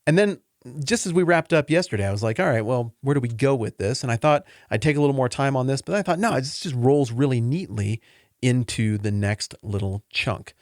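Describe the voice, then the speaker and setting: Animated, earnest male Bible podcaster. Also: fairly quick, no echo, studio quality. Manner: earnest, rambling and openly emotional; conversational with lively pitch swings. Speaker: podcast host and Bible teacher. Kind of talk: casual Bible teaching podcast.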